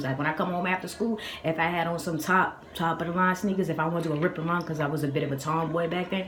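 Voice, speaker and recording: A young woman from the Boston area recounts a story in a chatty, animated way, full of fillers and restarts. Her voice sits a little low, and her phone picks up an echoey room with a faint hum of noise behind her. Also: fast, few pauses. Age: young adult. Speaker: vlogger. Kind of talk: storytime vlog.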